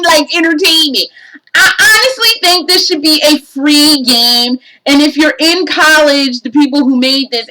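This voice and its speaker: A woman's voice: sits high, bright, forceful tone, rough recording. A woman giving a casual game review, profane and exasperated, ranting animatedly.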